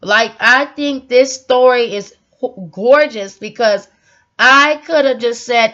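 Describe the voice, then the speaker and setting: Earnest high-voiced woman sharing her story. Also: slow, fairly bright tone. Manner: earnest, heartfelt, repeats herself for emphasis. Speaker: vlogger. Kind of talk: emotional personal storytelling. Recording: dull lo-fi audio.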